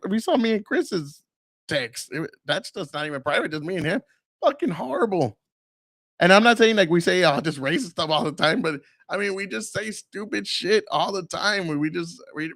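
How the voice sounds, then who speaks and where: A man's voice: fairly high pitch, vocal fry, a bit bright, no echo, studio quality. A man hosting a podcast, talking in a casual monologue, blunt and crude with heavy profanity, acting out other people's voices as he tells stories. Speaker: podcast host.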